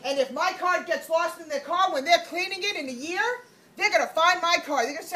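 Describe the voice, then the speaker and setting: A woman network marketing trainer giving a lively motivational talk on stage, acting out little scenes and laughing as she goes. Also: very high-pitched, brisk. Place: event room on a cruise ship. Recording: roomy, from far off, light background noise.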